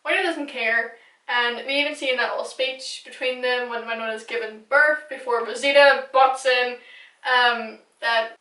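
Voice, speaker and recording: A woman's voice: on the high side, steady tone, moderate pace, sharp tone. A young woman talking through a casual fan recap, gushing and chatty, swearing now and then. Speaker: recap vlogger. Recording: echoey room, distant mic.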